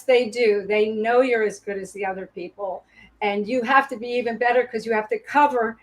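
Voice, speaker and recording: A woman's voice: a little high, poor audio. A woman, a former Broadway performer, telling stage anecdotes over a video call and laughing often. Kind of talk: casual storytelling interview.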